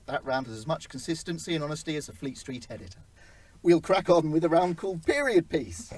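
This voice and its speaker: Wry quiz host. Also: male voice, husky. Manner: dry, wry, with lively pitch. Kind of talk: scripted comedy hosting.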